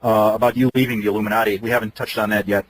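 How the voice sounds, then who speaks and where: Brief: very fast-talking male radio host, dry close sound. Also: on the low side, flat delivery, no room sound, low-quality recording. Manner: conversational, rambling. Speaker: radio talk show host. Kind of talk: radio interview.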